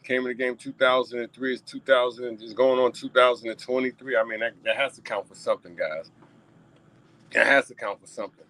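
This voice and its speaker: A New York man hosts his own talk show, riffing emphatically, repeating himself and addressing viewers directly in casual solo commentary. His medium-pitched voice has fairly even intonation and comes fast with few pauses, a bit bright, though the audio is poor.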